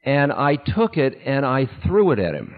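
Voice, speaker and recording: A man tells a personal story to an audience with candid, self-mocking humor that breaks into laughter. His voice sits at an ordinary male pitch and is heard in a hall with long reverb. The sound is dull and muffled, like an older recording. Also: huge pitch swings, moderate pace, noisy background. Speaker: spiritual teacher.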